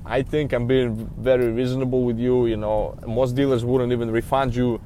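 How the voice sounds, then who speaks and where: A man's voice: medium pitch, little pitch movement, normal speed, warm tone, a little hiss or hum. A man who works as a used car dealer, telling a story in a casual, rambling way with lots of fillers and a frustrated edge. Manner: rambling, frustrated, many "you know" fillers.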